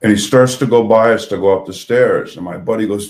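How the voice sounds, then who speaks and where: Low-voiced man reminiscing, roomy echo. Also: normal speed, few pauses, a little mellow. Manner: reminiscing, loose and profane. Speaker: guest musician. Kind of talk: casual storytelling chat.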